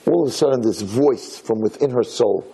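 A man telling a religious story in a dramatic, animated way, acting out the characters. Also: mid-range voice, normal speed, a little hiss or hum. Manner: lively, dramatic, acts out characters.

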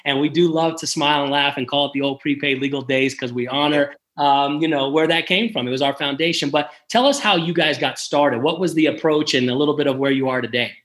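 A man's voice: on the high side, fast talker, few pauses, fairly bright tone. A man hosting a casual interview, upbeat and encouraging. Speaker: podcast host.

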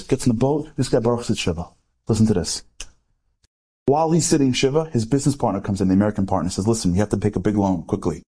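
Speaker, male, rapid animated storyteller, low husky voice, keeps asking the audience questions. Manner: animated, full of rhetorical questions and acted-out dialogue. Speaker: inspirational speaker. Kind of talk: storytelling talk to a live audience.

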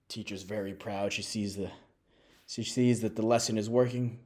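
A young man telling dirty jokes in a relaxed, conversational way, sometimes dropping to low asides. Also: moderate pace. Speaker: joke-telling host. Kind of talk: storytelling jokes.

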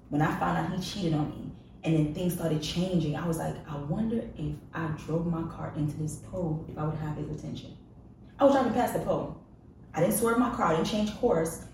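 Low-voiced woman telling her story frankly. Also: a little mellow, far from the mic, a little hiss or hum. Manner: frank and confessional, emphatic repetition. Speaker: podcast guest. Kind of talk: candid personal storytelling. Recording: echoey room, voice off-mic.

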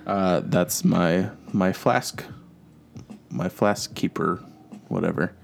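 A man's voice: deep voice, fairly even intonation, slow pace, gravelly, a little hiss or hum. A man co-hosting a podcast in casual chat, rambling with frequent restarts and easy laughs. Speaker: podcast co-host.

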